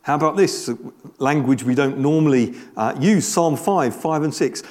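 A pastor preaches a sermon in a conversational way, repeating words and putting rhetorical questions to the congregation. His voice is a little high with a darkish tone, and he speaks at a normal speed.

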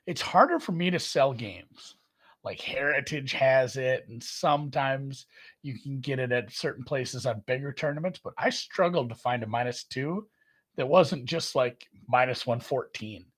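A sports betting podcast host speaks in an animated, unhurried, slightly rough male voice. He rambles through a casual betting chat, pokes fun at himself, and his pitch jumps around.

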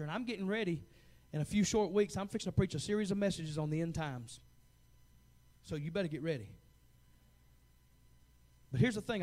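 A man in his forties preaching a fervent sermon as pastor, swinging from hushed asides to loud, urgent calls. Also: fairly high pitch, expressive, moderate pace, pauses often. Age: 40s.

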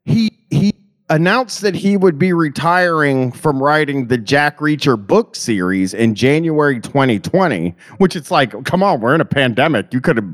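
A man's voice: fairly high pitch, lively intonation, normal speed. A man co-hosting a podcast in casual chat, swearing freely and stammering as he riffs. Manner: profane, stammering, riffing. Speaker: podcast co-host.

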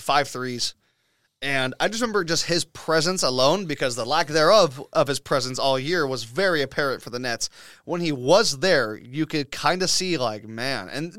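A man hosting a casual sports podcast, talking in an excitable, opinionated way full of profanity. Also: medium pitch, clear, resonant tone, dry recording, studio quality. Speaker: podcast host.

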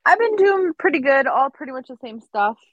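A woman's voice: sits high, very animated, a little fast, dry recording, muffled recording. A woman co-hosting a podcast, telling a story in casual chat with lots of fillers. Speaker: podcast co-host.

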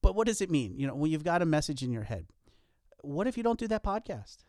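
Lively man, casual motivational podcast talk. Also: a little high, quick pace, no room sound, clean studio sound. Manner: earnest, lively, self-deprecating jokes. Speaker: podcast co-host.

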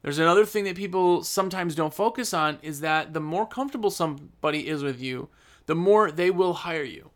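A man who runs a trades business, giving blunt, emphatic business advice in a casual talk and slowing down to stress his points. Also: on the high side. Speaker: business owner.

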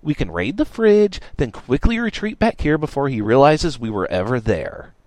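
A man voicing an exasperated, scheming young shop owner who talks in a raised, pushy, excitable way. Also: mid-range voice, normal speed, no room sound, voice pushed up, natural voice.

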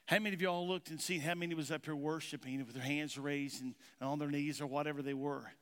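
A male pastor with a drawl preaches in a folksy storytelling manner and keeps quizzing the congregation. His voice sits a little high for a man, and the sound trails off into a long, ringing church reverb. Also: steady tone, fast, clean tone. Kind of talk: sermon. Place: church sanctuary.

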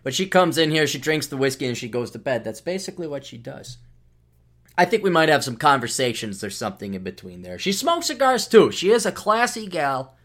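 A middle-aged man with a somewhat high voice, hosting a casual solo podcast. He rambles along sardonically, stumbling over his words and restarting his sentences often. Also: big pitch swings, fairly quick, fairly bright tone. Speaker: podcast host.

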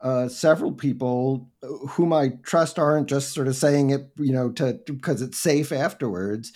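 A male interviewer with a mid-range voice. He speaks in a measured, thoughtful way. He often pauses and restarts his sentences. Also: medium pitch, a little mellow. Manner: thoughtful, halting, many restarts and fillers. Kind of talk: conversational interview.

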